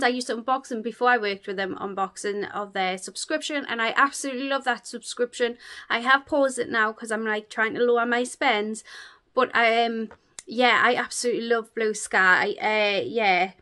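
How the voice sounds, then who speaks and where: A woman's voice: a little high, bright, forceful tone. A woman beauty vlogger chatting casually through a product unboxing, gushing, with many fillers.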